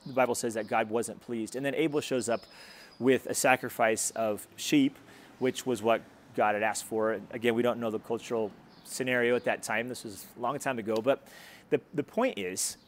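A man's voice: medium pitch, steady tone, normal speed. Earnest man preaching a sermon. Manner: conversational, earnest, with restarts. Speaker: pastor. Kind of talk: sermon and prayer.

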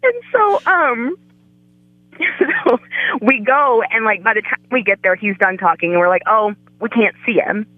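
A woman's voice: a little high, lively intonation, unhurried, dry recording, narrow, tinny audio. A woman guest on a podcast, telling a story in casual chat and acting out the quoted voices.

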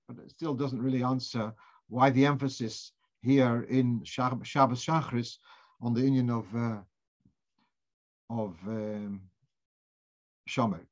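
Guy giving a torah class, thinking out loud, asks questions, restarts lines a lot, mid voice, muffled lo-fi sound. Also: medium pitch. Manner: thinking aloud, posing questions and restarting phrases. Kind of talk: informal religious lecture. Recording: dull lo-fi recording.

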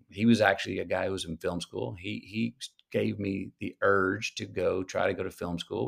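A man in his fifties with a drawl speaks in a low, gravelly voice. He tells his stories slowly, pausing to reflect and stretching out key phrases. The feel is a relaxed, thoughtful interview. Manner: slow, reflective storytelling with drawn-out pauses. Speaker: guest. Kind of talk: conversational interview.

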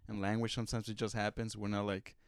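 Smooth-voiced, laid-back male podcast co-host. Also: on the low side, flat delivery, quick pace, no echo. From Spanish-speaking family in the United States. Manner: laid-back, laughs easily. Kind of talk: casual chat.

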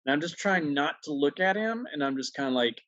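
A man from New York in casual chat, telling stories in an animated way and acting out other people's lines. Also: fairly high pitch, brisk, no room sound, highs cut off. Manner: animated storyteller, acts out voices.

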